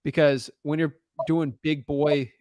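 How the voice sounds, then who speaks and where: A man's voice: on the high side, little pitch movement, slow pace, a little mellow, no echo, studio quality. A young adult man coaching callers on real estate deals live, direct and encouraging, checking in with the listener as he talks.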